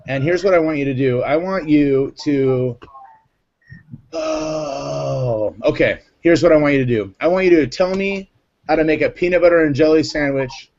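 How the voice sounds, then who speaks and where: A man's voice: on the high side, muffled recording. A man hosting a casual live panel chat, joking and rambling. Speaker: host.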